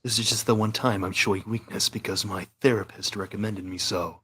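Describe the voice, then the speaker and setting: A man's voice: on the low side, steady tone, fairly quick, a bit bright, husky. A man voicing a brooding, stoic male cartoon hedgehog antihero who talks formally and stiffly in a fan role-play Q&A.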